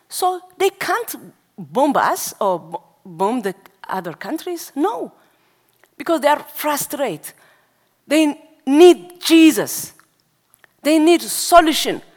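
A woman from Africa delivers a sermon in a high voice. She speaks slowly in non-native English, with urgent exhortation. She addresses young people in a meeting hall. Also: darkish tone. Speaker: preacher. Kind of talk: sermon testimony.

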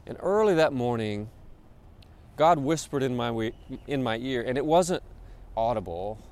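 A man's voice: medium pitch, animated, unhurried, darkish tone. A man, a pastor, preaching a sermon in a conversational, informal way, with many fillers and repeated words.

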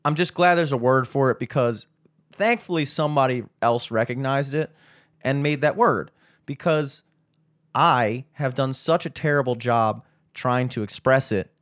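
A man's voice: medium pitch, normal speed, fairly bright tone, no echo, clean studio sound. A young man hosting a podcast, chatting casually in a rambling, profane, ranting way. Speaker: podcast host. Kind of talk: casual chat.

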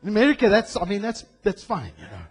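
A man from South Africa preaching a sermon, reading scripture slowly and shifting between quiet asides and loud, passionate proclamations. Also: high voice, huge pitch swings, vocal fry. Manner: draws out scripture quotes slowly. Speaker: pastor.

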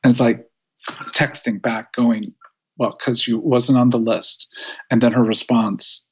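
A man in his sixties, co-hosting a podcast, who tells anecdotes in a lively way and jumps higher in pitch when he quotes people. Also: unhurried, breathy edge. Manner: animated storytelling, rising pitch when quoting. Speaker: podcast co-host. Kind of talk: reflective podcast conversation. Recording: slightly dull lo-fi audio.

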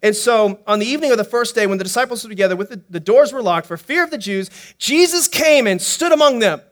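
A male pastor preaching a sermon in an animated, playful way, joking and asking the congregation questions. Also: sits high, quick pace. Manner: animated, playful preaching with jokes and acted-out quotes.

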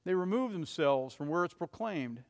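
A man's voice: expressive, moderate pace. Earnest preacher man in reverberant church. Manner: earnest preaching, rising to urgent cries and dropping to soft, low passages. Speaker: pastor. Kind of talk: sermon.

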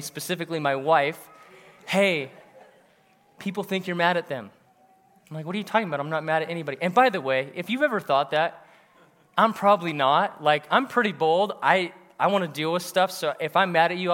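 A man in his thirties preaching a sermon, animated and punchy, with bursts of laughter. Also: on the high side, moderate pace. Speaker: pastor. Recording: long hall reverb.

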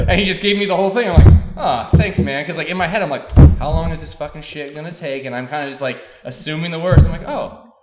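A man's voice: on the high side, fast. A young man hosting a podcast, telling profane, self-mocking travel anecdotes in a rambling casual chat. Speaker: podcast host. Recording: echoey room with background noise.

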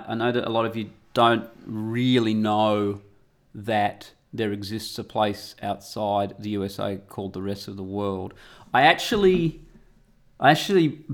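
A man's voice: mid-range voice, fairly bright tone. A middle-aged Australian man guest-hosting a podcast from home, talking in a rambling, irreverent and profane casual monologue. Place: home room.

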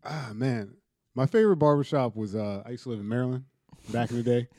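Man, podcast co-host, laid-back, mellow tone, dry sound. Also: mid-range voice, fairly quick, no echo. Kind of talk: casual chat.

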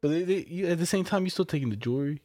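Ein junger Mann im lockeren Gespräch, der entspannt Geschichten erzählt, oft flucht und lacht. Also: male voice, a little high, expressive, rapid-fire, warm tone, dry recording, clean studio sound. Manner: laid-back storytelling, swears, laughs often. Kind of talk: casual chat.

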